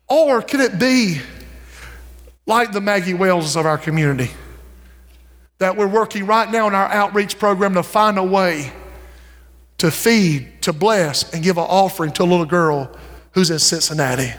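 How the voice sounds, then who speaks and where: A high, ringing male voice preaches in a church sanctuary, his sound trailing off in a long hall reverb. He swings from slow, drawn-out lines to quick bursts and calls out to the congregation. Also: a bit bright. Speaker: pastor. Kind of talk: sermon.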